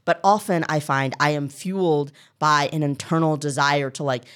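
Woman, low pitch, comedian guest, animated storyteller, casual podcast chat. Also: normal speed. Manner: animated storytelling, acts out quoted people.

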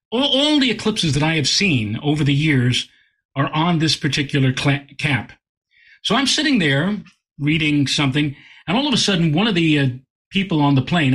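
Husky-voiced man telling a lively story. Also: fairly high pitch. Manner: lively storyteller, repeats words when excited. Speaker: astronomer guest. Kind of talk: animated anecdote in conversation.

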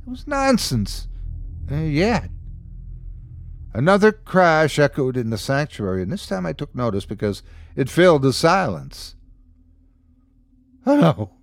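A man narrating a scripted horror story as host, in a measured, dramatic storytelling manner. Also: fairly high pitch, big pitch swings, creaky, dry recording.

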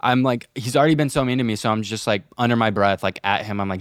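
Animated young man telling a story. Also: on the low side, fast talker, few pauses, dry recording, clean studio sound. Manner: animated, swearing, acts out quotes. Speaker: podcast co-host. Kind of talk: casual storytelling chat.

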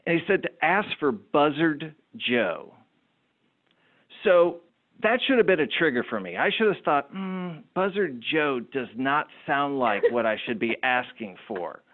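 A man who runs a business, telling lively anecdotes as a guest in an interview. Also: mid-range voice, unhurried. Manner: animated anecdotal storyteller. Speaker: entrepreneur guest. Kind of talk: storytelling interview talk. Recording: tinny phone-like line.

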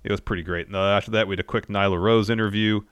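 Deep-ish guy recapping a show step by step, casual, dry close mic. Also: racing, smooth, dry recording. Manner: steady play-by-play recapping. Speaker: wrestling podcast co-host. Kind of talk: casual chat.

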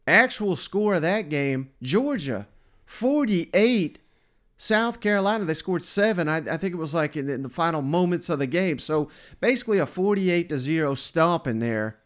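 A man with a slightly higher pitch than most, talking sports in a loose, conversational way. He jokes about his own misses while he leads the chat as podcast host. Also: expressive, normal speed, fairly bright tone. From Southern United States. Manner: self-mocking, conversational.

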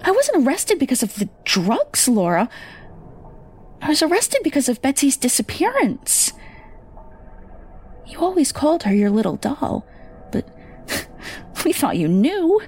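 A woman's voice: a little high, unhurried, vocal fry, long pauses, warm tone, slight background noise. A woman voicing a tearful, remorseful middle-aged mother who pleads and sobs. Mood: anguished. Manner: pleading, sobbing.

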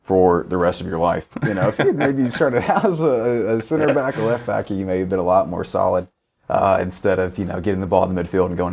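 A young man with a slightly low voice co-hosts a casual football podcast. He recaps the action in a wry, joking way. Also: fairly quick, vocal fry, a little mellow, husky. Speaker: podcast co-host. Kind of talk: casual sports chat.

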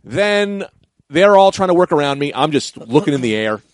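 A man's voice: on the high side, very animated, normal speed, dry recording. A young man telling a story in a casual chat, acting out voices and swearing casually. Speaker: comedian telling a story on a podcast.

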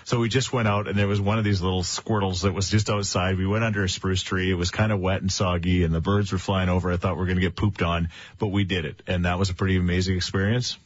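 A man's voice: deep voice, level tone, fast, few pauses, no room sound. A middle-aged man, hosting a morning radio show and chatting casually with fillers and restarts. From Canada. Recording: muffled lo-fi radio broadcast.

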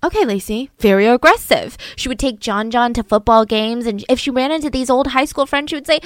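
A woman casually telling a true-crime story to a co-host, chatty and animated, with frequent asides. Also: fairly high pitch, brisk, few pauses, dry recording.

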